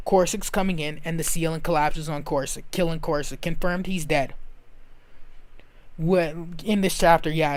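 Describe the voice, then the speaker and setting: A man's voice: on the high side, clean tone, dry recording. A man casually recapping and reviewing a show episode, rambling and correcting himself as he goes. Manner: rambling, self-correcting, recounts scenes.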